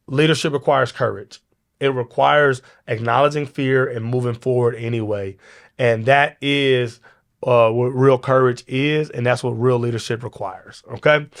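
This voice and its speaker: A man hosting his own podcast talks leadership through old Bible stories. His delivery is loose and conversational, like an informal sermon, with frequent restarts and quick "okay?" check-ins. His voice sits at a middle pitch. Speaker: podcast host.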